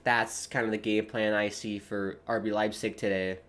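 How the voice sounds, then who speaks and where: A man hosting a live football watchalong stream in an early-morning voice, chatting with viewers and rising excitedly on the play-by-play. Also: lowish voice, normal speed. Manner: chatty, rises excitedly on play-by-play, talks to chat. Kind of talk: casual live match commentary.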